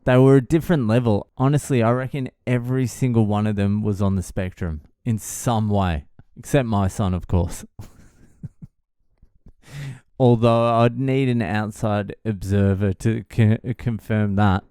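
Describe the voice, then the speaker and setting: Man, 30s, profane, sardonic, casual storytelling, smooth voice, dry close recording. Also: fairly low pitch, a little slow, mellow, no echo. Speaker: vlogger.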